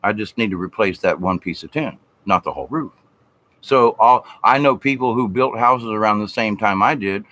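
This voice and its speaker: A man's voice: fairly low pitch, normal speed, fairly bright tone. A middle-aged man vlogging a rambling, folksy, preachy spiritual monologue, now and then mimicking people in mocking voices.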